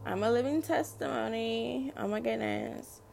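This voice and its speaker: A woman's voice: fairly high pitch, expressive, unhurried, creaky, darkish tone, slight background noise. A middle-aged mother sharing an unscripted faith testimony, speaking earnestly to listeners and often repeating and restarting her phrases.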